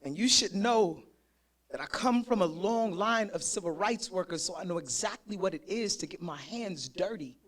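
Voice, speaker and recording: A man's voice: sits high, expressive, normal speed, a bit bright. A man performing spoken word on a live stage, joking and swearing between rhythmic, punchy lines of poetry. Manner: profane, joking, rhythmic delivery.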